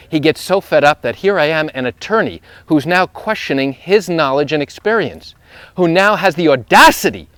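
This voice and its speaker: A man's voice: fairly high pitch, fairly bright tone, no echo. A man who is a lawyer, telling a story emphatically while walking outdoors through a neighborhood. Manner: emphatic, repetitive phrasing, rising intensity when retelling. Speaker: personal injury lawyer.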